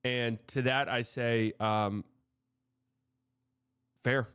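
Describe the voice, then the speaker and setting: A man's voice: medium pitch, normal speed, a bit bright, clear, resonant tone, no room sound. Profane, rambling male sports streamer. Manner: frank, profane, rambling with restarts. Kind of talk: casual live-stream commentary.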